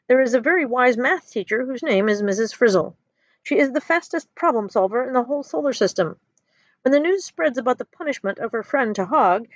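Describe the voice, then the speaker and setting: A woman narrating a children's story aloud in an expressive storytelling manner. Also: a little high, no room sound, lo-fi sound.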